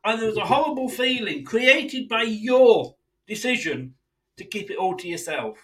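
A man's voice: high-pitched, lively intonation, normal speed, a bit bright, low-quality recording. A man hosting a football fan podcast, delivering an indignant, sweary solo rant addressed straight at his club's owners.

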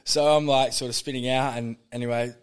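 A man's voice: medium pitch, steady tone, fairly quick, clear, resonant tone. A young Australian man, a former pro footballer, telling stories in casual chat, swearing and laughing often.

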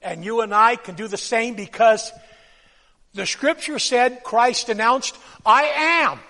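A male pastor preaching in a church sanctuary, his very high, bright voice ringing with a long hall reverb. He swings between loud bursts and hushed, quiet lines. He has the congregation repeat key phrases after him. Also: a little slow. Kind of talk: sermon.

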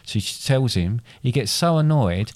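A man's voice: medium pitch, lively intonation, moderate pace, darkish tone, no echo. A man casually retelling a fairy tale in a chat, rambling and correcting himself as he goes. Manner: rambling, self-correcting storyteller.

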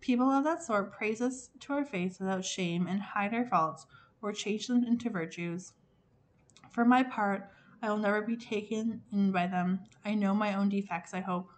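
A woman voicing a hungry, impatient young prince in a storybook, speaking lower, quieter and clipped. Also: normal speed, a little hiss or hum, lightly acted. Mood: smug.

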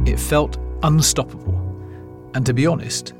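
A man hosting and narrating a documentary podcast in a measured storytelling manner. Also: medium pitch. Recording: narration with faint music underneath. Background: faint music.

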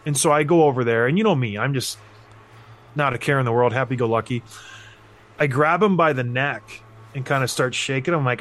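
A man's voice: medium pitch, brisk, a bit bright. A man in his thirties telling a hockey story in casual chat, acting out the voices of the people he quotes. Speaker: podcast host, former hockey player.

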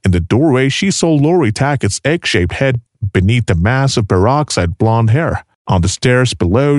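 A man narrates a grim true story, reading with drama and expression. His mid-pitched voice rises and falls a great deal, and his delivery sounds animated. The sound is dry and close to the mic, with no room echo.

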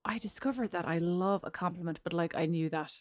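A woman's voice: on the low side, brisk, darkish tone, dry recording, clean studio sound. An Irish woman co-hosting a casual podcast with her sister. She is easily amused and laughs often. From Ireland. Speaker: podcast co-host.

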